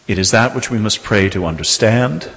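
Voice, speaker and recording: A man, a Catholic priest, preaching a sermon and telling a personal story in a measured way, slowing down for emphasis. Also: fairly low pitch, fairly bright tone. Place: church. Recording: reverberant church hall.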